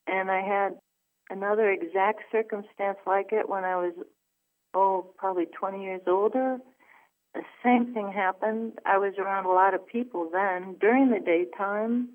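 A woman guest telling a personal story in an earnest, halting way, with many fillers. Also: mid-range voice. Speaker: phone-in guest. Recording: tinny phone line.

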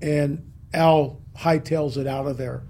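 Gravelly man telling a strange tale. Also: on the high side, takes it slowly. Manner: animated storyteller, repeats for emphasis. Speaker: guest, UFO researcher. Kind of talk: podcast interview storytelling.

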